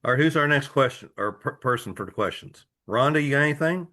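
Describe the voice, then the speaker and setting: A man's voice: medium pitch, lively intonation, fast talker, pushed and bright. A man from Tennessee hosting a group discussion, encouraging and friendly with the participants. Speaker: host.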